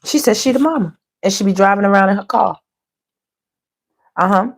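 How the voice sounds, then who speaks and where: A woman's voice: medium pitch, normal speed, creaky, slightly rough. A middle-aged woman, a tarot reader talking casually and animatedly to her viewers and calling them baby and girl. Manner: chatty and animated, calls listeners baby and girl, laughs often.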